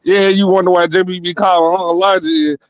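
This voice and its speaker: Casual high-voiced male host, rambling and profane, dull dry recording. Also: little pitch movement, a little fast, a crowd in the background. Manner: rambling, repeats words, laughs often. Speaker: podcast host. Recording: dull lo-fi sound.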